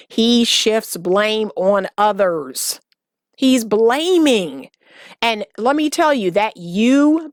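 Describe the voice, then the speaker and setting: A woman's voice: mid-range voice, dry recording, clean studio sound. A woman relationship coach giving emphatic advice to camera, repeating key words for stress. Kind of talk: direct-to-camera advice talk.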